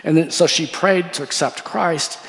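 A pastor delivers a sermon, his voice on the higher side and moving at a moderate pace, as he tells a story with energy and performs the characters' voices. A long reverb tail trails after his words.

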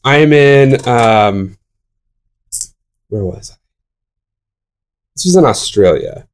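A young man in casual conversation, telling animated stories with many fillers and restarts. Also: mid-range voice, takes it slowly, smooth. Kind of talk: casual chat.

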